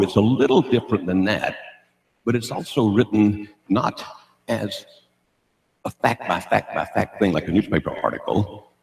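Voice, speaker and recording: A man's voice: deep voice, darkish tone. An older man giving a humorous sermon at a church, joking and asking the audience questions. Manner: jokey, asks the audience questions. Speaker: guest speaker at a church. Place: church auditorium. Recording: roomy church hall.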